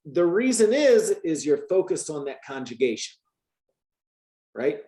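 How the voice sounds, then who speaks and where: A man's voice: fairly high pitch, big pitch swings, a little slow, dark tone, roomy sound. A man tutoring Spanish in a casual lesson, talking it through with restarts and frequent "right?" checks. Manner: chatty, thinks aloud with restarts and frequent "right?".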